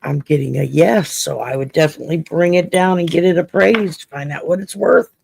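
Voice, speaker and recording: This woman hosts a casual late-night stream from Louisiana, reading cards for viewers in a Cajun accent with salty jokes, plenty of swearing, and lots of laughter. Her low-pitched voice is a little fast, creaky, and slightly mellow, with slight background noise.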